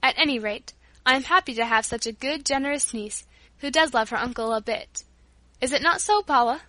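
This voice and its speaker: A woman's voice: sits high, fairly quick, no echo. A woman reading the lines of a middle-aged father and uncle who teases dryly and turns tender, in a storybook reading. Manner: dry, teasing, then gentle.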